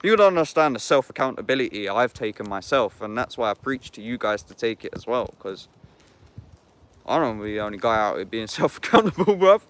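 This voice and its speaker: A young man chats casually to his livestream audience. His talk is loose and slangy, full of swearing and bruv. His voice sits at an ordinary mid pitch. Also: sing-song, a little fast, fairly bright tone. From Epsom, England. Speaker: YouTuber talking to viewers.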